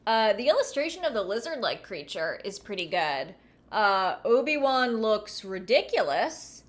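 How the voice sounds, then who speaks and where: A woman's voice: mid-range voice, sing-song, normal speed. A woman reading a children's book aloud and breaking off for wry, chatty asides. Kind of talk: casual reading with commentary.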